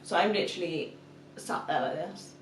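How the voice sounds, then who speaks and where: A woman's voice: fairly low pitch, normal speed, a little hiss or hum. A young woman and mother chatting casually to camera, telling a story and acting out her toddler's calls. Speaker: vlogger, mother of two. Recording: echoey room, mic at a distance.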